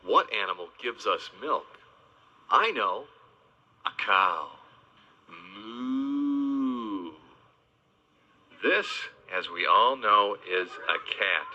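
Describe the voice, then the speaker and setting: Slow playful guy teaching little kids animals, bright voice, bouncy pitch, kinda dull lo-fi sound. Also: animated. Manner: slow, playful, spells words out and makes animal noises. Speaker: children's educational host. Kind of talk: teaching young children about animals.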